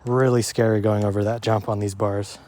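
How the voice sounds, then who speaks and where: Riding a mountain bike through the woods, a young man narrates casually with a fairly low, darkish voice, flat delivery, and a slightly fast pace. He's out of breath, swears, and pokes fun at his own poor riding.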